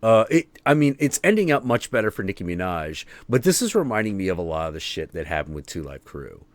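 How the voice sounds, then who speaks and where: A man's voice: lowish voice, sing-song, quick pace, no echo. A man hosting a stream, chatting casually with loose swearing. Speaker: stream host. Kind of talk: casual profane chat.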